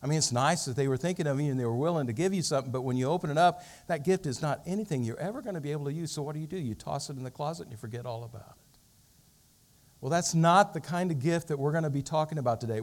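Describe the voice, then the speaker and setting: A pastor preaching to his congregation in a fairly high-pitched voice. He tells stories with lively turns and builds to fervent emphasis. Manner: storytelling, rising to fervent emphasis. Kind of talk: sermon.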